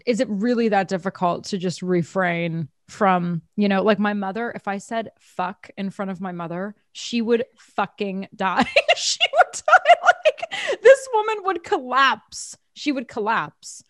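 A woman's voice: medium pitch, sing-song, a little slow, few pauses, a bit bright, dry recording, studio quality. A woman in casual group conversation, talking animatedly, laughing often and acting out what others said.

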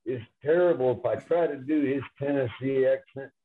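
A man's voice: medium pitch, normal speed, slight background noise. A man calling in as a guest on a sports talk show, telling rambling, fond stories about a former player. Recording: tinny phone line.

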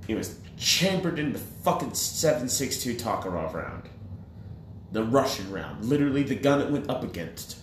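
A man co-hosting a podcast, ranting in profane casual banter that swings between loud outbursts and low mutters. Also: sing-song, moderate pace. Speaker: podcast co-host. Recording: echoey room with faint noise.

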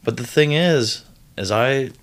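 A man's voice: medium pitch, a little slow. A man co-hosting a casual podcast, joking around in a laid-back way. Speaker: podcast co-host. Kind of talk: casual chat.

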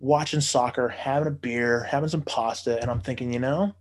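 A man's voice: medium pitch, fairly even intonation, brisk. A man telling a long story in casual podcast chat, profane and rambling with many fillers.

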